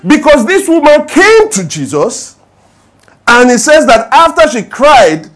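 High, lively pastor preaching. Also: male voice, measured pace. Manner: animated, swings from hushed prayer to loud storytelling. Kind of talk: sermon. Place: church service.

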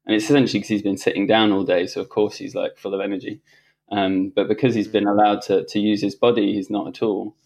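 A man, a podcast guest, telling a personal story in casual conversation, animated and reflective, often restarting his sentences and laughing. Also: on the low side, quick pace, gravelly.

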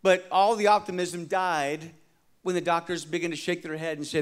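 A male pastor with a high voice delivers a sermon. He moves from loud, emphatic lines to quiet, hushed ones and calls out to the congregation for responses. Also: fairly even intonation, moderate pace, clean tone. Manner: dramatic preaching, swinging from loud emphasis to hushed tones.

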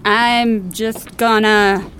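A woman voicing a nervous, evasive female demon who is a mother in an audio drama, speaking in a hesitant, halting way. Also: medium pitch, flat delivery, fairly bright tone, soft background music.

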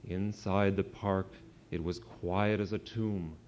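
A man, an author, reading a rhyming children's story aloud to an audience in a sing-song, lively way. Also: sits low, slow pace. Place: event hall with an audience. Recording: dull lo-fi live recording.

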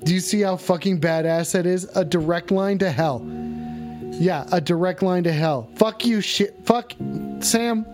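High-pitched guy hosting a stream, cussing and fake-raging at chat, faint music under it. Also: measured pace. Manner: profane, exaggerated mock outrage. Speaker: livestream show host. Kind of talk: comedic livestream rant.

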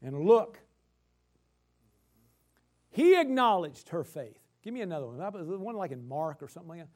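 A male preacher delivering a sermon, emphatic and repetitive, swinging from loud bursts to quiet explaining. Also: on the high side, very animated, moderate pace.

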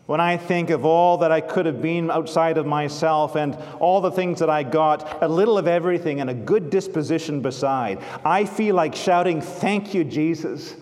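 Gushing, over-grateful pious woman, read aloud by a male preacher, higher voice ringing in a reverberant church. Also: moderate pace, few pauses, natural voice. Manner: effusive, loud, over-grateful. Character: gushing, self-righteous pious country woman.

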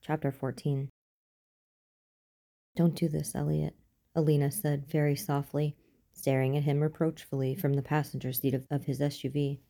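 Female audiobook narrator, low and warm, steady storytelling delivery. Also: a little fast.

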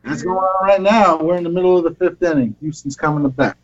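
A man's voice: on the high side, fast, highs cut off. Dry, teasing man in casual chat.

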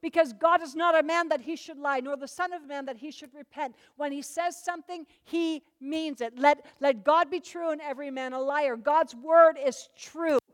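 A woman preaching a sermon, emphatic, swinging between loud declarations and soft low asides. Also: normal speed, few pauses.

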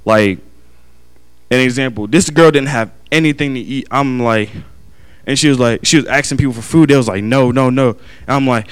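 A young man with a mid-range, clean-toned voice gives an earnest personal testimony to his family and church. He speaks haltingly, often restarting his sentences.

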